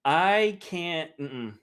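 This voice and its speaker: A man co-hosting a casual podcast, talking in an animated, dramatic, self-mocking way. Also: on the high side, clear, resonant tone. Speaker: podcast co-host.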